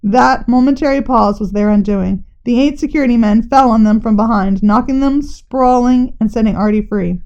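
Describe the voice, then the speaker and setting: A woman's voice: fairly high pitch, normal speed, few pauses. Woman reading a storybook aloud, lo-fi. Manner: lively, puts on brief character voices. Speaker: narrator reading a children's novel aloud.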